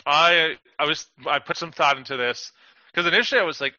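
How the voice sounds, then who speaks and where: A man's voice: on the high side, a little fast, bright, forceful tone, faint music behind. A man co-hosting a podcast in casual chat, hesitant and hedging, with many filler words. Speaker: podcast co-host. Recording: dull, dry lo-fi mic.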